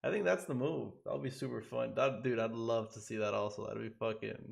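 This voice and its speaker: A man's voice: medium pitch, steady tone, brisk, creaky. A young man co-hosting a live stream, chatting casually in a laid-back, slangy way.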